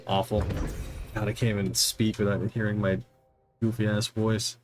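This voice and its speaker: A man with a lowish, flat voice at a moderate pace rambles through a casual gaming livestream, muttering over settings, chatting, and mocking himself. He uses a desk mic while monitoring through headphones.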